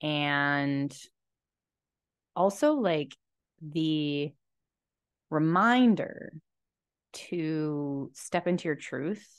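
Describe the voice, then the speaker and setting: A young woman with a stuffy cold and low energy, talking to camera in a slow, reflective personal monologue with many fillers, seated indoors in a chair. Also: smooth, no echo, clean studio sound. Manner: slow, slumped, soft-spoken musing with many fillers. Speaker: podcast host and tarot reader.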